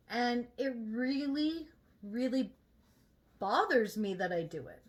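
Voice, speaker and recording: A woman's voice: fairly high pitch, animated, slow pace. A woman vlogger chatting casually while she gets ready, venting in a candid and emphatic way.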